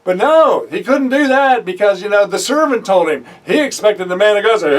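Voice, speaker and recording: Male preacher with a high voice, storytelling sermon, repeats phrases for emphasis, mic set back from him. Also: fairly quick, few pauses. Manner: animated storytelling, acting out the voices of biblical figures; drives points home by repeating phrases. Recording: voice heard from a distance off the mic.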